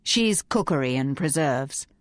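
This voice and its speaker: A woman voicing a blunt, gruff middle-aged woman writer who talks in clipped, barking sentences. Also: extremely low pitch, lively intonation, measured pace, dry recording, clean studio sound. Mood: dry.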